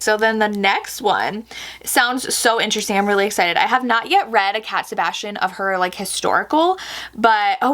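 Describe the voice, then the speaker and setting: A woman's voice: mid-range voice, sharp tone. A woman chatting casually about books, bubbly and gushing, filling her talk with "like". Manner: bubbly and gushing, many "like" fillers. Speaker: book reviewer. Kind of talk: casual chat.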